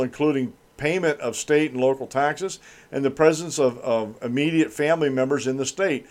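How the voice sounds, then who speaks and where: A man's voice: medium pitch, normal speed, a little mellow. A man hosting a political commentary show, reading news items and then ranting about them with scorn.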